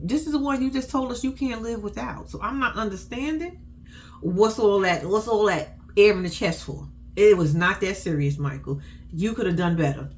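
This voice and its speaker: A woman giving a blunt, sassy, profane recap of a reality show in casual chat, with AAVE features in her speech and big pitch swings when she quotes people. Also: a little hiss or hum.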